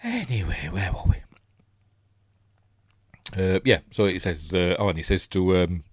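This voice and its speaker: Yorkshire man, lowish voice, casual film commentary, rambling, dry close sound. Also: fairly even intonation, measured pace, no room sound. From Yorkshire, England. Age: middle-aged. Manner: rambling, chatty, many fillers and restarts. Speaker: film review host.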